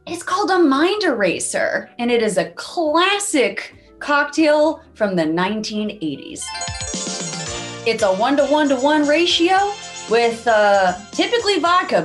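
A woman hosting a casual chat show, bubbly and jokey, slipping into playful put-on voices. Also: on the high side. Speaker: host.

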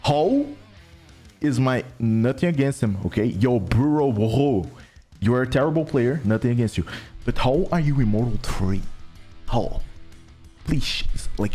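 A man's voice: medium pitch, very animated, normal speed, mellow, slightly rough, soft background music. A man commentating his own gameplay with brash, crude trash talk and exasperated rants. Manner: exasperated, ranting.

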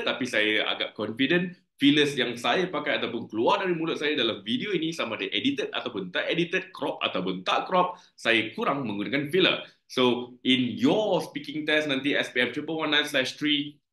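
Chatty Malaysian teacher, bright voice. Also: male voice, medium pitch, echoey room. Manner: chatty, animated, jokey, code-switching. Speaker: English teacher. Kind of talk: casual exam tips lesson mixing English and Malay.

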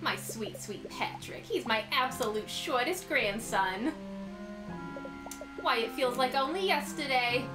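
A woman's voice: a little high, animated, a little slow. A woman voicing a brassy old grandma who runs an antique shop, in a put-on New York accent and folksy manner full of pet names. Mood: sassy. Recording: echoey room with music behind.

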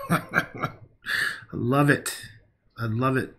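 A man's voice: medium pitch, moderate pace, long pauses. A man casually chatting with his viewers while painting on a livestream, joking and cursing and laughing at his own jokes. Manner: joking, profane, talks to viewers' comments.

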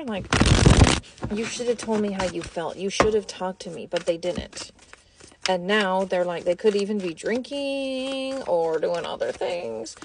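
Young woman, mid-pitched, blunt and chatty tarot reader, filler-heavy casual delivery. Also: animated, measured pace, darkish tone, slight background noise. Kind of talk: casual tarot reading monologue.

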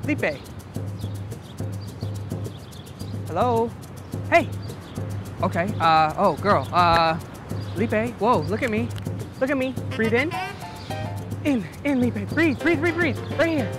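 An actor playing a sassy office assistant. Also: male voice, very high-pitched, expressive, takes it slowly, pauses often, over music, full character voice. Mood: coaxing. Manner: sassy, chatty, calls people honey and girl. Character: overly helpful, sassy male office assistant. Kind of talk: comedy web series acting.

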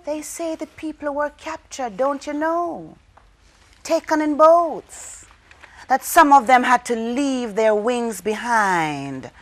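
A woman telling a folk tale to children, dramatic, with call-and-response and hushed whispers. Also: high voice, lively intonation, slow pace, a little hiss or hum. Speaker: storyteller. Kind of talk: storytelling for children.

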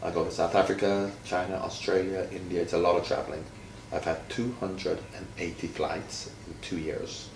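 With a low, creaky voice that barely moves in pitch and a moderate pace, a Jamaican man in his fifties quizzes a child in a playful, friendly teaching chat. He's a retired footballer and draws out words for emphasis. The audio is roomy, distant and carries faint noise.

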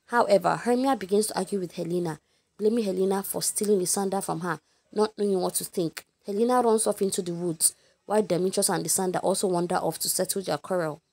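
A woman's voice: medium pitch, quick pace, vocal fry. Chatty Nigerian woman summarising a play. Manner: chatty, animated, addresses listeners directly. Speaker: literature teacher. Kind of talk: informal lesson summary.

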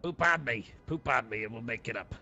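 A man's voice: mid-range voice, brisk, muffled recording, background noise, close to an everyday voice. A man playing a goofy, unhinged male gang member in an improvised game role-play, pleading and bargaining in jumbled broken English.

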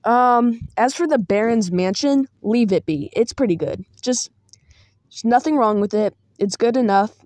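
A woman's voice: a little high, expressive, measured pace, a little mellow, no room sound. Chatty woman, dry close sound. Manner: loose, chatty and meandering, with small asides. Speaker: tabletop game master giving advice. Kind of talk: casual spoken guide.

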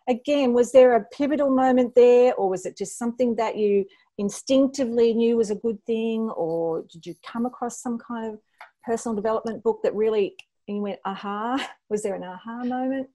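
A woman hosting an interview, asking long enthusiastic questions in a relaxed, rambling way. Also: a little high, moderate pace. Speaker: host and interviewer. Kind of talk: casual interview.

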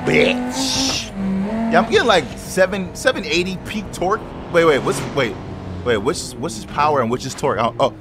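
A man giving loud, profane, excitable commentary over his car game, with quick shouted outbursts. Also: on the high side. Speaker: gaming YouTuber. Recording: noisy game audio behind the voice.

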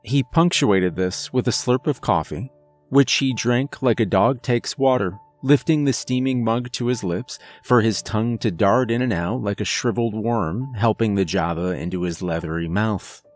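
A man narrates a first-person horror story in a measured, scripted way. His voice sits on the low side, and faint music runs under the narration.

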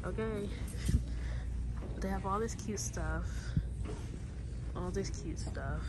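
Giggly young woman vlogging on the go, loud noise behind her. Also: mid-range voice, slow. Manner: chatty and excitable, giggly. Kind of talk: casual vlog chat. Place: car, then inside a store.

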